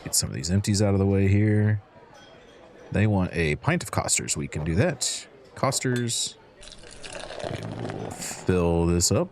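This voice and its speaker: Guy with a really deep voice doing easygoing let's-play commentary, chatting to customers while counting change. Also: sing-song, normal speed, vocal fry, noisy background. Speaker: gaming channel host.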